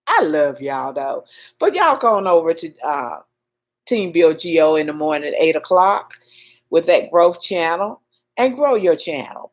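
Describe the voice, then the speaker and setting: A woman with a Southern accent chats through a livestream, greeting viewers by name and preaching encouragement in a folksy way. She talks slowly and deliberately. Her pitch leaps high and drops low, swinging between loud urging and soft asides. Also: very animated. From Southern United States. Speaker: livestream host. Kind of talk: casual live-stream chat.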